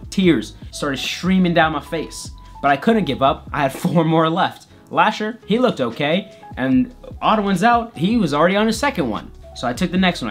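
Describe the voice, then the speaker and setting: A man's voice: a little high, a bit bright. A man vlogger narrating a comedic personal story in a playful, exaggerated way.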